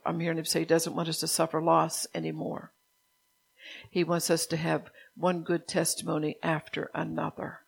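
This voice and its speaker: An older woman pastor preaching a sermon in a soft, unhurried way, stopping now and then to correct herself. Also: fairly low pitch, vocal fry, slightly rough.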